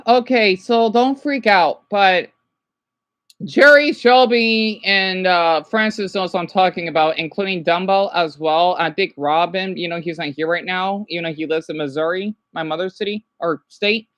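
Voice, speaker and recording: A woman's voice: lowish voice, unhurried, no room sound. A woman streaming casually, rambling and chatting to viewers by name as she reacts to a video. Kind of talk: casual live-stream chat.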